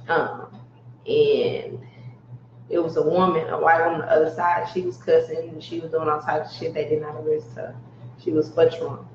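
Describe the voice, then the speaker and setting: A woman, telling her story on a casual podcast and acting out the voices of the people she quotes. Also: deep voice. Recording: roomy, dull lo-fi sound with faint noise.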